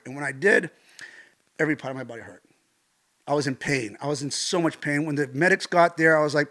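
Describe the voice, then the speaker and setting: A middle-aged American man, a stunt coordinator, telling a vivid personal story with lively gestures and acted-out quotes. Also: mid-range voice, quick pace. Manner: animated, acts out quotes, swears casually.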